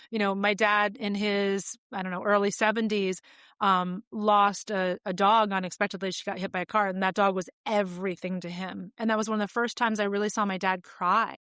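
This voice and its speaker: A woman's voice: medium pitch, a bit bright, smooth, no echo, studio quality. A woman in her forties, a podcast guest telling personal stories in a candid, reflective, conversational way with frequent fillers.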